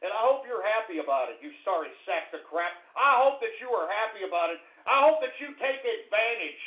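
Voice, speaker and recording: A man hosting a talk radio show, ranting in a profane, angry manner with shouted outbursts. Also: high voice, lively intonation, fairly quick, husky. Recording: narrow phone-like lo-fi sound.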